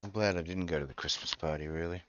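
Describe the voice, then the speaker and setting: Laid-back man with a deep voice. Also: quick pace, a bit bright, clear, resonant tone, muffled recording. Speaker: podcast co-host. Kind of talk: casual chat.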